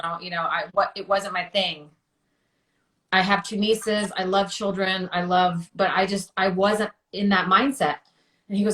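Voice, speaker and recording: A woman's voice: mid-range voice, fairly even intonation, normal speed, fairly bright tone, reverberant. A woman in her thirties telling her personal story as an interview guest, chatty with many fillers and acting out quotes.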